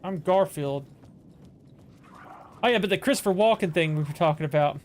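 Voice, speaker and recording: A man with a rather high voice chats casually while he plays, the host of his own stream. He drifts from story to story and restarts sentences often, in an easygoing, rambling way. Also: moderate pace, darkish tone, a little hiss or hum. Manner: rambling anecdotes with frequent restarts. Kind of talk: casual chat while gaming.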